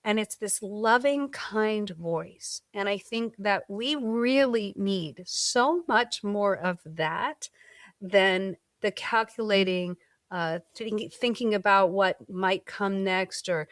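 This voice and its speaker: Expressive woman podcast host. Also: mid-range voice, takes it slowly, dry recording, studio quality. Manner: animated, expressive, casual filler words. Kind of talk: conversational interview.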